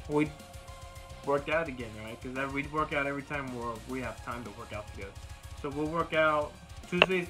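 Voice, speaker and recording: A young man with a slightly high voice tells a meandering personal story in loose, casual talk. He swears often and slips into quoting himself and others. Clear music runs behind him the whole time. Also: low-quality recording. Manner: rambling, profane, retells dialogue in quoted bursts. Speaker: vlogger.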